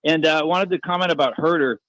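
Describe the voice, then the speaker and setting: A man's voice: fairly high pitch, fast talker, a bit bright, no room sound, rough recording. A man calling in to comment, hesitant and full of fillers. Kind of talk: call-in comment.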